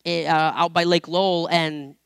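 A man's voice: a little high, level tone, moderate pace, gravelly, fairly bright tone, clear, resonant tone, dry recording, studio quality. A man preaching informally from scripture, chatty and repetitive at times, building to emphatic points. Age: adult parent. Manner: conversational, repeats words, builds to emphatic preaching. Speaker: pastor or Bible teacher. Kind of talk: informal sermon with scripture reading.

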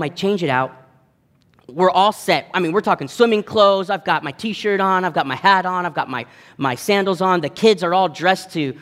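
A man in his thirties preaching a sermon, telling a story against himself with lots of energy. He acts out the voices of the people in his stories. His voice is fairly high, and it rings out with a long reverb in a church hall. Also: fairly bright tone. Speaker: pastor.

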